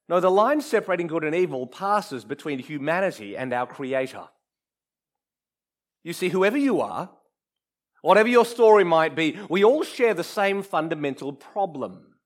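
A man preaching a sermon in an earnest, emphatic way, often dropping to a hush for effect. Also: high-pitched. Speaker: pastor.

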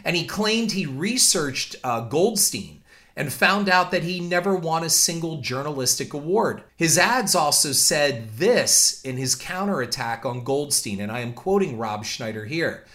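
Bright-voiced man telling a story. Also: a little high, measured pace. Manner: animated, repeats words while talking. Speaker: podcast host. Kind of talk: storytelling commentary.

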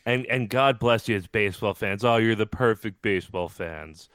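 Male podcast co-host, low pitch, dry close sound, rambling conversational delivery. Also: fairly even intonation, normal speed, hardly any pauses, a bit bright, smooth, no echo. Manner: chatty, laughs often, rambling. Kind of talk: casual chat.

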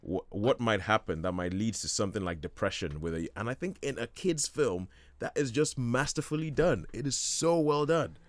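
A man with a slightly low voice rambles eagerly about a film, full of false starts and quick laughs. The sound is dry and close, with no room echo at all. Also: animated. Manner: enthusiastic, rambling, laughs often. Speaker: film reviewer on a radio show. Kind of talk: casual chat.

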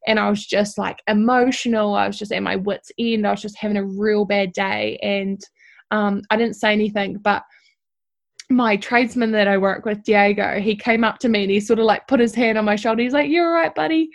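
Speaking briskly in a creaky, mid-range voice with a level tone, a young female apprentice in the trades shares a heartfelt, candid story as a guest. Her speech is full of fillers like "like" and "you know," and the story is emotional.

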